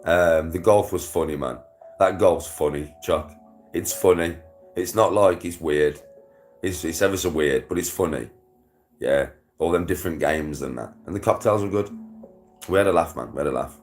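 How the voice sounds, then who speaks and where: A man's voice: low voice, normal speed, a little mellow, faint music behind. A young British man chatting casually to his viewers, full of slang and swearing, laughing often. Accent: British English. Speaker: vlogger. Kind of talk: casual chat to a livestream.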